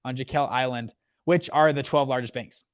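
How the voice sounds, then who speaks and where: A man in his thirties, the host, giving a casual rant about economics, lively and full of restarts and acted quotes. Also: medium pitch, moderate pace. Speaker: host, fund manager.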